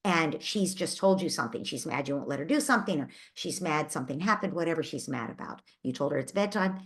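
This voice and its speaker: On a live parenting Q&A, a host with a slightly low, somewhat bright voice responds to a parent's question. She talks fast and expressively, offering empathetic, reassuring coaching while thinking aloud and occasionally restarting phrases.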